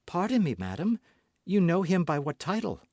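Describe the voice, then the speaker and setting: Male narrator's young woman novice: high, pleading, timid, dry close audiobook sound. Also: sing-song, moderate pace, darkish tone, no echo, exaggerated voice.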